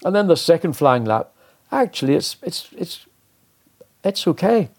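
A man's voice: on the high side, moderate pace. An older man, a former racing driver, telling anecdotes in an interview and acting out the dialogue. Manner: animated, acts out quoted dialogue. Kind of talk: anecdotal storytelling.

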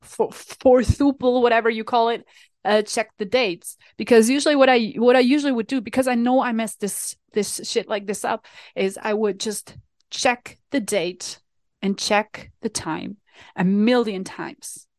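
A young woman from Switzerland tells her viewers a story in a relaxed vlog. Her voice sits a bit high, and she laughs at herself, stumbling and restarting as she goes. The sound is close and dry. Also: measured pace, no room sound. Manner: animated, self-mocking, frequent fillers and restarts. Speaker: vlogger. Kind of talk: casual storytelling to camera.

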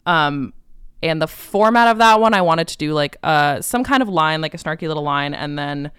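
Chatty young woman, smooth clear voice. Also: sits low, expressive, a bit bright, dry recording, studio quality. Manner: chatty, laughing, quick asides. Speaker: guest, comedian and composer. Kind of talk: casual interview chat.

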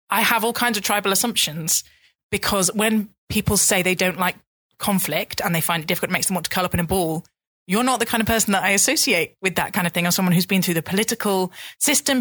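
A woman's voice: medium pitch, a bit bright, dry recording. A woman hosting an interview, asking probing, candid questions. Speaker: podcast host and interviewer. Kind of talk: interview conversation.

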